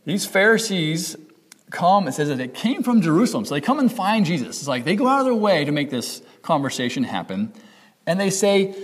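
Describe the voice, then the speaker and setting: A man's voice: a little high, very animated, brisk, slightly rough, long reverb tail. A man preaching a sermon as pastor, talking in a conversational way, correcting himself and acting out the voices in people's heads. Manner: conversational, self-correcting, acts out quoted inner voices.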